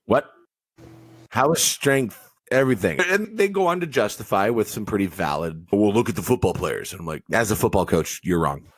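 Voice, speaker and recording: A man's voice: fairly low pitch, normal speed. A middle-aged man, a teacher and football coach, telling jokey stories in casual podcast chat. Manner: animated storyteller, jokey.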